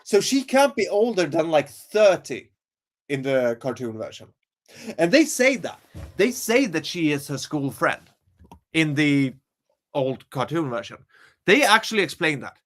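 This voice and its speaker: A woman's voice: low-pitched, very animated, unhurried. A woman co-hosting a casual podcast chat over a remote call, gushing and swearing freely, often laughing. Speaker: podcast co-host.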